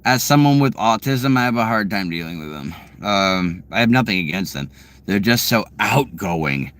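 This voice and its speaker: A man's voice: on the low side, animated, moderate pace, a bit bright. A man vlogging from his car, telling a casual story in a rambling, profane way full of fillers and restarts.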